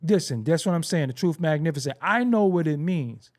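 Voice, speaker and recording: Man, middle-aged, profane streetwise host, blunt rant, slightly high voice, very animated pitch. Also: a little fast. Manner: mimics other people's phrases mockingly. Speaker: show host. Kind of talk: casual commentary rant.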